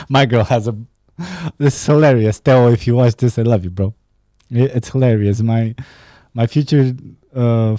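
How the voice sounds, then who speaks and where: A man's voice: lowish voice, dark tone, no echo, studio quality. A young man hosting a casual solo podcast, rambling and swearing, laughing at his own jokes. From Romania. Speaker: podcast host. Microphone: studio podcast mic.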